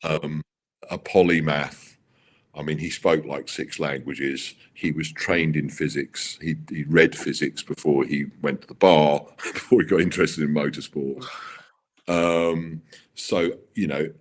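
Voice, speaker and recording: A middle-aged man, a racing car designer, telling stories in an interview with halting restarts and acted-out quotes. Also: very deep voice, fairly even intonation. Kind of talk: animated storytelling interview.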